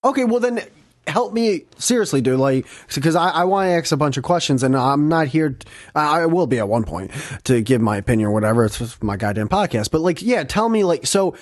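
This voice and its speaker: Young male podcast host, excitable and profane, higher voice, dry close sound. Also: fairly quick, dry recording. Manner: swearing, excitable, laughs often. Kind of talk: casual storytelling chat.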